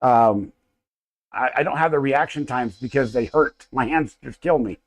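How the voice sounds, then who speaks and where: A man's voice: mid-range voice, moderate pace. An American man in his thirties hosting a casual livestream from his home workshop, rambling and greeting viewers by name with frequent stumbles and restarts. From United States. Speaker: livestream host. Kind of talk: casual live chat with viewers.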